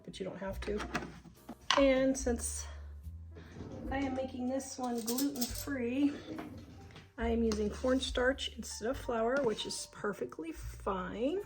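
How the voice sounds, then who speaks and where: A woman's voice: a little high, vocal fry, poor audio. A woman hosting a casual cooking demonstration in her home kitchen, chatty and homey, talking through each step aloud. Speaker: home cook and channel host. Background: background music.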